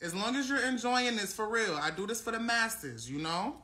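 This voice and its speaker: A man from Arkansas, hosting a casual livestream chat and trash-talking brashly and profanely, with sudden loud outbursts. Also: high-pitched, animated, moderate pace. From Little Rock, Arkansas, USA. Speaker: livestream host. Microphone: phone.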